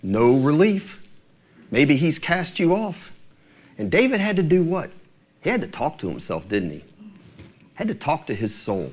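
A man's voice: a little high, very animated, unhurried, long pauses, darkish tone. A male pastor preaching a sermon, asking his congregation rhetorical questions.

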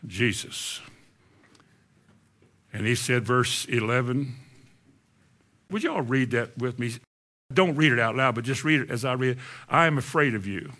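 A man's voice: mid-range voice, bright, forceful tone. A male preacher, preaching a conversational sermon and asking the congregation questions.

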